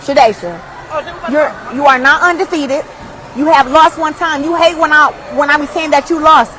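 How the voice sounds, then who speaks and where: Woman boxer, shrill high voice, mocking and profane trash talk. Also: moderate pace, crowd noise, noisy background. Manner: taunting, profane, repetitive.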